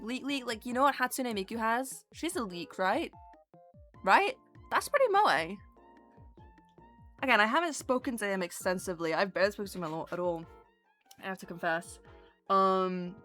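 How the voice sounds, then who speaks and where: Giggly and rambling, this streamer drifts into tangents as she chats casually with her viewers. Her voice is mid-range and a bit bright.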